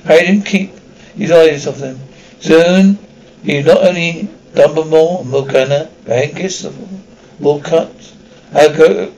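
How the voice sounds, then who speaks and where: A man's voice: on the high side, darkish tone, poor audio. A man reading a children's novel aloud, stumbling and restarting words often. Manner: reads with frequent slips and restarts. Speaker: audiobook reader.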